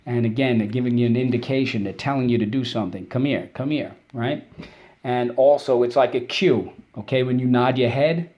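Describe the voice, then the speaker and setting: A man teaching a spelling and vocabulary lesson for kids, explaining words patiently and drilling them in call-and-response with quick praise. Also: medium pitch, steady tone, a little mellow.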